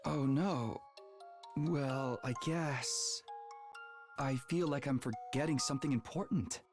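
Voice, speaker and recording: A woman putting on a low, uneasy young schoolboy. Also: music in the background. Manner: hesitant, halting. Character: worried young male student hero, confused. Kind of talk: reading a visual novel aloud.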